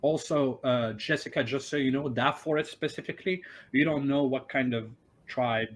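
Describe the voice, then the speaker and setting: A man of average pitch runs a tabletop game, pausing often on fillers and restarting his sentences. His delivery is loose and unscripted, the voice of a game master thinking aloud. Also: a little hiss or hum. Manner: hesitant, many fillers and restarts. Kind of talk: narrating and voicing a tabletop game.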